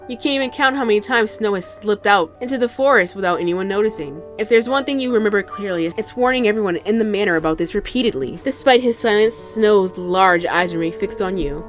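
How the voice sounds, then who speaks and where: A young woman hosting a gaming channel, reading a visual novel aloud with dramatic narration and loud, cursing outbursts. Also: mid-range voice, expressive, a little fast, hardly any pauses, faint music behind.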